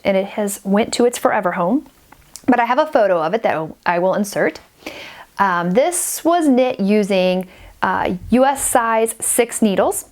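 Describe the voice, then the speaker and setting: Forty-ish woman vlogger, sniffly, gushing chatty thank-yous, restarts a lot, mid pitch. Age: 40s. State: stuffy and sniffly. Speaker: knitting podcaster. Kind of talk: casual chat to camera.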